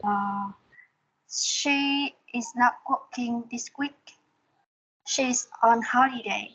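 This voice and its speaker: A fairly high-voiced woman with a Vietnamese accent works slowly through English exercises, hesitant and careful with each word. Her voice is slightly husky and comes through a muffled, lo-fi online call. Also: a bit bright. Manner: hesitant, careful, repeating after the teacher. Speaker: English student. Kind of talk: reading exercise answers aloud.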